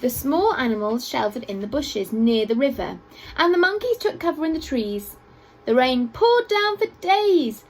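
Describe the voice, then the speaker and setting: A woman teacher reading a picture book aloud to children at a school assembly, with expressive storytelling and playful asides. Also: high voice, moderate pace, poor audio.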